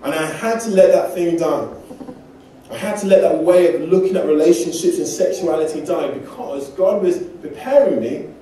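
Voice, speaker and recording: A man's voice: a little high, moderate pace, dark tone, a little hiss or hum. A man from England preaching a sermon, telling personal stories in a conversational way with self-deprecating humor. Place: church hall. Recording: distant mic in an echoey church hall.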